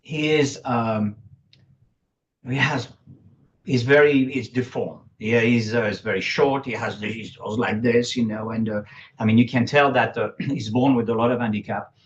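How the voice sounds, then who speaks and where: A man's voice: mid-range voice, fairly even intonation, measured pace, a little hiss or hum. A man with a French accent, speaking French as his first language, talks as a guest in an interview. He uses broken English grammar, chuckles often and restarts his sentences. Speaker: guest, public speaking coach. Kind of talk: casual interview talk. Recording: dull lo-fi recording.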